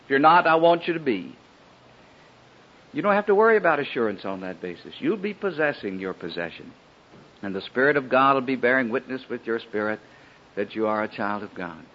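A man preaching a sermon in an earnest, pleading way, with a husky voice. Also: mid-range voice, big pitch swings, brisk. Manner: earnest, pleading, rising and falling emphasis. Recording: dull lo-fi old sermon recording.

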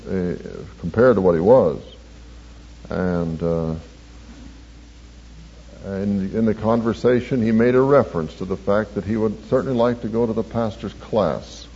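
A man, a church counselor, telling the story of a counseling session in a measured, earnest way. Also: fairly low pitch, warm tone, slightly rough. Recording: dull lo-fi recording with faint hiss.

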